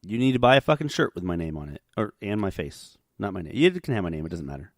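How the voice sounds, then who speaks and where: Tipsy, foul-mouthed male co-host with a lively, swooping delivery. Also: sits low, quick pace, dry recording, studio quality. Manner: profane, animated and joking. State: tipsy from drinking. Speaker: podcast co-host. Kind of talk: casual chat.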